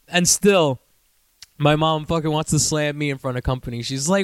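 A young man hosting a casual solo podcast, telling stories with high-pitched impressions and sudden squeaky outbursts. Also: normal speed, smooth, no echo. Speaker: podcast host.

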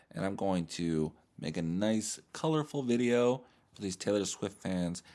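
A man hosting a podcast, rambling through a crude, profane comedic monologue in a deadpan, mock-serious way. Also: deep voice. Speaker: podcast host.

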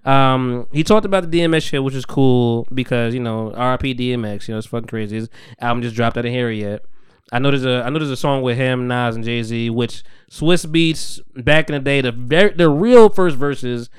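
A man's voice: mid-range voice, moderate pace, clean tone, dry recording. A young man hosting a podcast, telling long profane stories in a loose, rambling way full of fillers. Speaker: podcast host. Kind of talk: casual chat.

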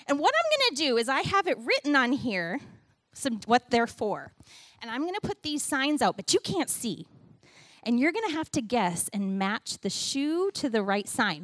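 High, lively woman giving a church talk. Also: no echo, studio quality. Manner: animated, playful, talks to kids and congregation. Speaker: church speaker giving a children's message. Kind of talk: sermon with a children's object lesson.

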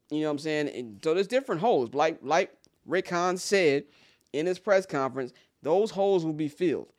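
A man from Chicago giving a casual, blunt and profane sports rant as a commentator, opinionated throughout. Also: on the high side.

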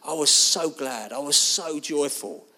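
A man preaching a sermon, telling a personal story in an animated, expressive way. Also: a little high, measured pace.

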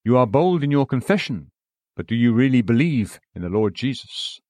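A man's voice: mid-range voice, very animated, moderate pace, a little mellow, no echo, studio quality. A man reading an old sermon aloud in an earnest, pleading, emphatic manner. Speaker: preacher.

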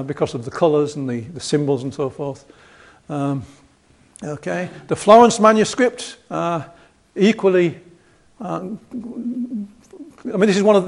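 A man's voice: a little high, a little mellow. A man with a Yorkshire accent giving a casual lecture over slides, rambling and chatty with self-deprecating humor.

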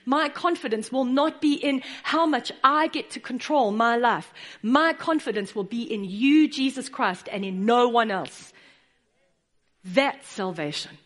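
A woman preaching a sermon in an earnest way, rising to firm declarations and dropping to soft, pleading tones. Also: on the high side, measured pace.

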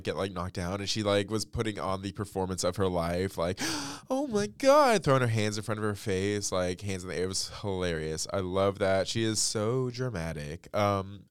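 A man's voice: fairly low pitch, smooth, dry recording, studio quality. A man hosting a pop culture podcast, congested from allergies, chatting casually and filling his talk with "like" and "um". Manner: chatty, many fillers like "like" and "um". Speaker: podcast host.

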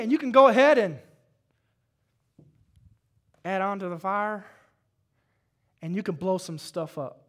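Male pastor with a high voice, mid-sermon. Talks casually, quizzes the congregation, and swings between quiet prayer and loud exhortation. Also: slow, pauses often.

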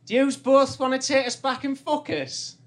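A man on a comedy stage voicing a brash, drunk young woman on a night out, loud and shrill. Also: fairly even intonation, moderate pace. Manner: shrill, loud, slurring come-on.

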